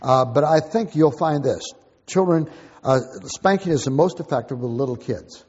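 An older man gives a folksy, plain-spoken teaching talk in a husky voice. His words ring out with a long hall reverb. The recording sounds dull and lo-fi. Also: a little high, animated, moderate pace, a little mellow. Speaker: Christian parenting teacher.

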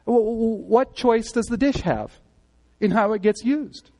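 A man giving a sermon as pastor, speaking conversationally and swinging between loud emphatic moments and quiet earnest ones. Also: high voice, a little slow. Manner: conversational preaching, rising and falling in emphasis.

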